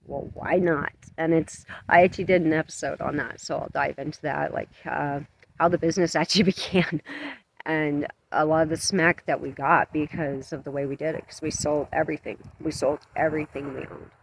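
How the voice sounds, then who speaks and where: A man talking earnestly to his camera outdoors at dusk, his voice shaky from cold and emotion, halting and self-conscious. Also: on the high side, steady tone, creaky, a little hiss or hum, rough recording. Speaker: vlogger. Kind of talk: emotional outdoor vlog monologue. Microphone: camera mic up close.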